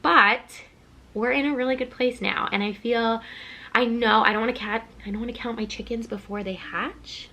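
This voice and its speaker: A woman vlogger chatting to camera at home, excited and talkative, audibly out of breath. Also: on the high side, normal speed. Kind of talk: casual chat to camera.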